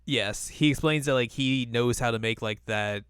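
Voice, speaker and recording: A man's voice: mid-range voice, fairly bright tone, clean tone, no echo, studio quality. A young man co-hosting a podcast, casually recapping an anime episode in a rambling, jokey way. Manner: rambling, jokey retelling with quick put-on voices. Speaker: podcast co-host.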